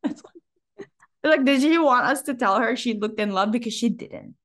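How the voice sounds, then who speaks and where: A woman's voice: sits high, normal speed. A woman co-hosting a podcast in casual chat, animatedly acting out what people said, with frequent laughs. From Philippines. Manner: animated, acts out quotes with laughs. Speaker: podcast co-host.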